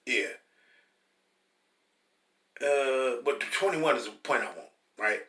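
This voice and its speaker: A man teaching the Bible in an informal, blunt and profane preaching style, repeating points emphatically and reading verses slowly and forcefully. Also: mid-range voice, lively intonation. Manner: reads scripture slowly and forcefully. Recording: roomy echo from a distant mic.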